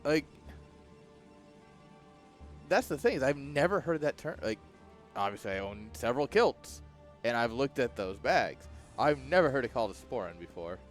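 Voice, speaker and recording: A man casting a strategy game match in a relaxed, jokey play-by-play style, chuckling often. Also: mid-range voice, moderate pace, long pauses, faint music behind. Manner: laid-back, chuckling, jokey. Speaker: esports caster. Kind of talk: casual play-by-play commentary.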